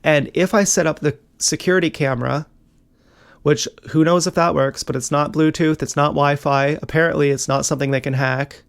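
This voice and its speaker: A man's voice: on the high side, fairly even intonation, brisk, creaky, clear, resonant tone. A young man talking in a rambling, agitated monologue, swearing often and jumping between worries. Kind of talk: casual monologue vlog.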